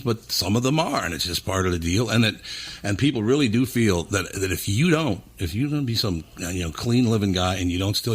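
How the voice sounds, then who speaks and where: A male talk show host with a low, husky voice, chatting casually. He tells a rambling story with lively energy.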